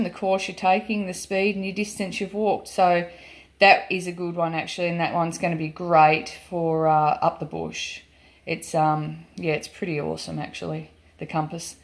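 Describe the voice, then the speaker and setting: An Australian woman vlogger chatting casually and emphatically through a product demonstration, with many ums. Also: on the low side. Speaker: gold prospecting vlogger.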